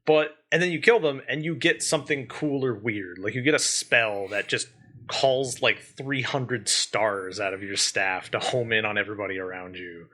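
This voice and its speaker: A man's voice: fairly low pitch, normal speed, sharp tone. A man co-hosting a casual gaming podcast, talking enthusiastically at length and laughing often mid-sentence. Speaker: podcast co-host.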